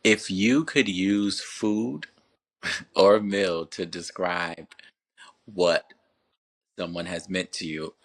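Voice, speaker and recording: A man from Connecticut hosting a podcast, asking gentle questions in a casual, easygoing interview. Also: low voice, steady tone, drawn-out words, long pauses. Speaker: podcast host.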